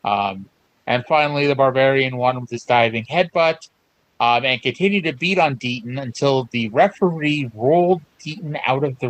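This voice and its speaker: A man's voice: medium pitch, fairly bright tone, no echo, rough recording. Chatty male podcast host, dry sound. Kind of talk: casual chat.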